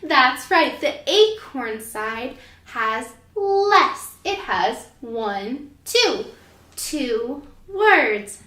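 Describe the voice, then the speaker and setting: A woman teaching young children letter sounds, speaking in a slow, sing-song, encouraging way. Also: high-pitched, very animated, sharp tone. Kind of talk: children's phonics lesson. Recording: echoey room, mic at a distance.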